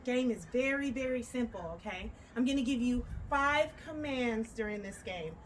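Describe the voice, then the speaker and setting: A woman program manager leading children through a call-and-response movement game, cheering them on and shouting out commands with drawn-out calls. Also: on the high side, lively intonation, a little hiss or hum. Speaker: youth play program manager.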